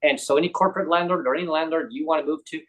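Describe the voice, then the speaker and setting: A man's voice: fairly high pitch, very fast, poor audio. Canadian man telling a story animatedly. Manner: animated, acts out quoted voices of others. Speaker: guest on a talk show. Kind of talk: casual conversational storytelling.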